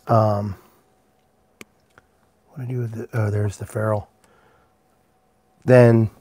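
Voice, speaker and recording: A pipe maker hosts a casual live stream from his workshop, rambling easygoingly as he works and greeting chat viewers by name. His voice sits in the mid range, with slight background noise.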